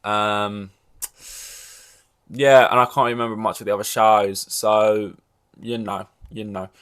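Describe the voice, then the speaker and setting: A man's voice: fairly low pitch, level tone, slow pace, fairly bright tone, clear, resonant tone. A man hosting a podcast in loose, rambling casual chat, full of "like" and the odd swear word. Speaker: podcast host.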